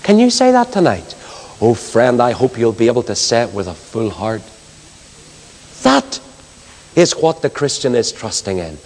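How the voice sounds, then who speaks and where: A man preaching an impassioned evangelistic sermon, swinging from loud exclamations to hushed storytelling. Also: mid-range voice, sing-song, normal speed, long pauses. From Northern Ireland. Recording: long hall reverb.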